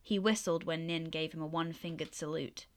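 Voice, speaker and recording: A woman reading her own story aloud in a steady, even voice, then chatting about it. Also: deep voice, fairly quick. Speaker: author and reader.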